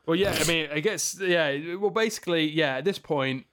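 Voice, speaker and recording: A man's voice: a little high, normal speed, a bit bright, clean tone. A man in casual podcast chat, rambling through a film plot, laughing and acting out lines. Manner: rambling, laughs often, acts out lines in silly voices. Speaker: podcast co-host.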